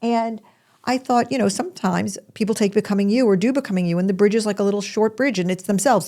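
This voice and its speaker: A woman's voice: medium pitch, darkish tone. A woman hosting a podcast, telling a personal story in a chatty, rambling way with asides and restarts. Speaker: podcast host.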